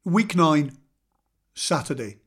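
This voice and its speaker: A man reading scripture aloud in a measured, solemn way, slowing for weight. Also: fairly high pitch, expressive, a bit bright, husky. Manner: measured, solemn reading with slow dramatic pauses. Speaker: scripture reader.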